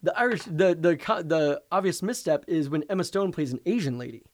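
Opinionated co-host, mid-pitched, speaks bluntly and thinks aloud. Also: expressive, brisk. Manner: opinionated, blunt, swears casually. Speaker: podcast co-host. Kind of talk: casual chat about movies.

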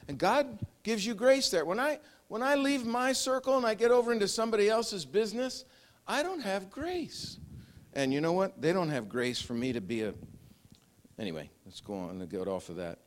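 Older male pastor with a rather high voice; conversational sermon, frequent restarts and small chuckles. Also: very animated, moderate pace. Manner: conversational, repeats words, chuckles.

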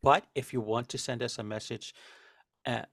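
Gravelly-voiced male podcast host. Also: medium pitch, steady tone, normal speed, fairly bright tone, dry recording, studio quality. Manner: casual, repeats himself, teasing. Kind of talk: casual chat.

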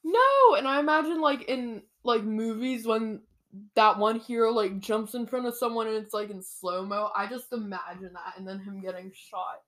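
A young woman in casual chat, retelling a novel's plot in an animated way with lots of "like.". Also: a little high, moderate pace. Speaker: book discussion co-host.

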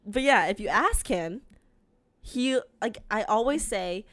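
A woman's voice: mid-range voice, lively intonation, normal speed, a bit bright, dry recording. A young woman hosting a podcast, talking candidly and profanely in a casual confessional monologue and laughing often. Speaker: podcast host.

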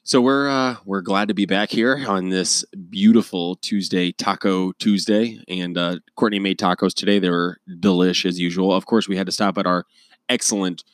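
Man, american, young adult, very deep voice, dry close sound, rambling, self-mocking podcast chat. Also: steady tone, normal speed, no echo. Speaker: podcast co-host. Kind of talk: casual chat.

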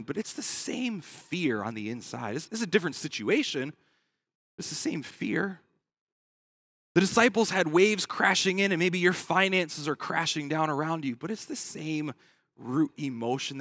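A male pastor delivers a sermon with a bright, forceful edge to his voice. He swings from dramatic, urgent pleas into quiet, searching questions. The sound is dry and close. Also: high-pitched, no echo. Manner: dramatic, acts out quoted pleas with rising intensity.

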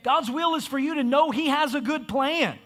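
A man's voice: very high voice, moderate pace, fairly bright tone. A man preaching a sermon in a church, emphatic and repetitive. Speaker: pastor. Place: church sanctuary.

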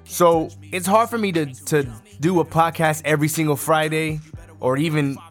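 A man's voice: a little high, fairly even intonation, normal speed, soft background music. Profane ranting podcast man. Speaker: podcast host. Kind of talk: casual solo podcast rant.

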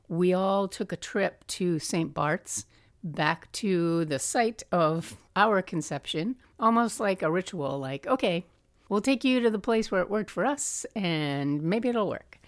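A woman's voice: fairly low pitch, unhurried, no room sound, studio quality. A middle-aged woman hosting a podcast, telling personal family stories in a chatty way, laughing often and acting out quotes. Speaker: podcast host. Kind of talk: personal storytelling.

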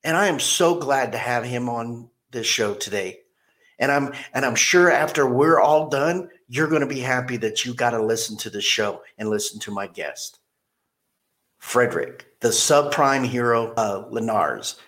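A man's voice: medium pitch, expressive, normal speed, fairly bright tone. Blunt, rambling male podcast host. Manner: blunt, rambling storyteller with many restarts. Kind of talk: casual podcast chat.

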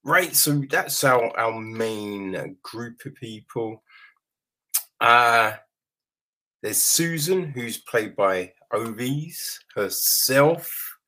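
A man's voice: medium pitch, expressive, extremely slow, bright, forceful tone. A man recapping a horror film in a rambling, casual way, swearing now and then and often asking the listener "right?". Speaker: film reviewer.

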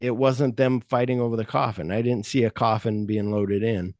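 A man hosting a podcast, retelling a film script in a rambling, animated way and acting out bits of dialogue. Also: lowish voice, normal speed, dry recording, studio quality. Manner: rambling, animated plot retelling with acted-out quotes. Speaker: podcast host. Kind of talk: casual podcast chat.

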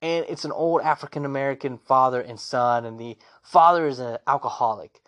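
A man's voice: mid-range voice, brisk. A man hosting a gaming show, telling stories about his playthroughs with enthusiasm. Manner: animated, enthusiastic storytelling. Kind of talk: casual solo gaming talk.

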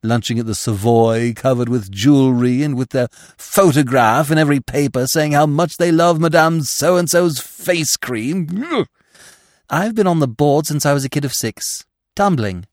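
A man's voice: on the high side, normal speed, no echo, studio quality, close to an everyday voice. A man voicing a cheeky, slangy young actress. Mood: chatty. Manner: slangy, chatty and impish. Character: brash, lively young actress, cheeky and teasing. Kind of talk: audiobook character reading.

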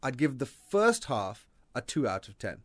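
A man co-hosting a film chat, animated and joking, with a voice that jumps up when he gets excited. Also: no room sound. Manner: animated and joking, quick pitch jumps, laughs often. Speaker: podcast co-host reviewing films. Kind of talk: casual chat.

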